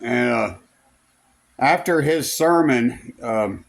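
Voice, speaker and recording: A man's voice: medium pitch, slow pace, no echo. A man telling a rambling personal story in a casual vlog, full of fillers and restarts, recorded in a car. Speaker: vlogger.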